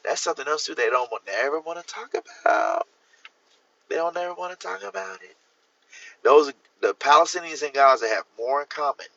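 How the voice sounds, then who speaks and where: A man's voice: fairly high pitch, expressive, a little fast, gravelly, pushed and bright, highs cut off. A man hosting a livestream, giving blunt, opinionated views and talking straight to his viewers. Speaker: livestream host. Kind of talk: casual livestream talk.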